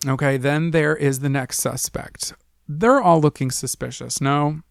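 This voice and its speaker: A man's voice: a little high, fairly even intonation, a little slow, creaky, no echo, studio quality. A man co-hosting a casual true-crime podcast, retelling cases in a joking, profane way. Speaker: podcast co-host.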